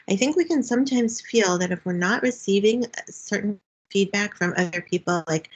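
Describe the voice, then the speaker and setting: A woman guest on a talk show, speaking in a warm, encouraging way and laughing softly as she talks. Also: mid-range voice, low-quality recording. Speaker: guest author. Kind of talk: casual faith-based interview chat.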